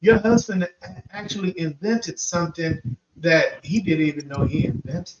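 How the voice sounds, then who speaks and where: A man hosting a paranormal podcast, casually telling a guest an animated hypothetical story and often calling her by name. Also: a little high, normal speed. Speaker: podcast host. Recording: roomy, distant, muffled live stream with noise.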